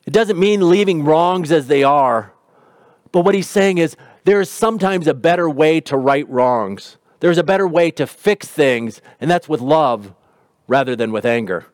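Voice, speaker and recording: A man's voice: on the high side, expressive, normal speed, dry recording, clean studio sound. A man preaching a sermon in an earnest, conversational way. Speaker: pastor.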